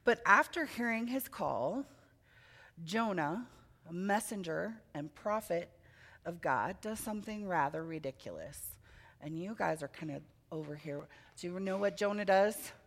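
A woman preacher giving a children's sermon, telling a story with animated expression and asking the children questions. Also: fairly low pitch, a little slow. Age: adult with children.

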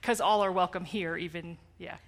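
A woman's voice: fairly low pitch, normal speed, background noise. Questioning woman pastor leading discussion. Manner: prodding, questioning, laughing easily. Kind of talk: open group discussion in church. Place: church sanctuary.

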